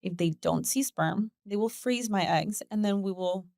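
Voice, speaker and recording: A woman's voice: mid-range voice, normal speed, creaky, a little mellow, dry recording, studio quality. A woman guest on a podcast, openly telling a personal story in casual conversation and laughing now and then. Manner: open, storytelling with acted quotes and laughs.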